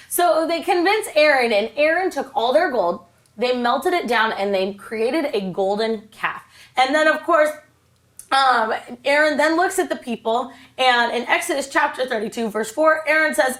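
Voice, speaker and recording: Brief: upbeat woman children's ministry teacher, fairly high voice, chatty and playful. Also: lively intonation, normal speed, a bit bright. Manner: bubbly, chatty, playful asides. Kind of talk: retelling a Bible story to kids.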